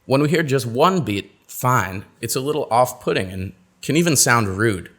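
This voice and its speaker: A man teaching pronunciation in a webinar, explaining and acting out example sentences in a lively, expressive way. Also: mid-range voice, moderate pace. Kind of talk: webinar lesson.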